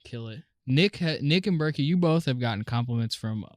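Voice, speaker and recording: A man's voice: medium pitch, animated, fairly quick, no room sound, studio quality. A young man co-hosting a casual podcast chat, mumbling at times and laughing often. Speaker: podcast co-host.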